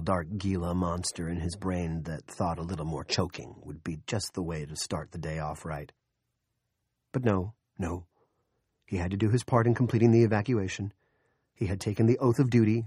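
A man with a low voice reads scripted audiobook narration in a wry, matter-of-fact manner. The recording is close and dry, with no room sound. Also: steady tone, normal speed, darkish tone, slightly rough, dry recording.

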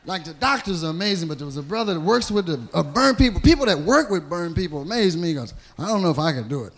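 A man doing a stand-up routine, telling a profane story with lively acted-out voices. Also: high-pitched, quick pace. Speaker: stand-up comedian.

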